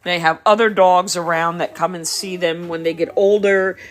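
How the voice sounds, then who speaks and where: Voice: medium pitch, steady tone, moderate pace, a bit bright. A dog breeder chatting casually on a live stream, explaining things at length in an easygoing way. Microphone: phone or device on a live stream.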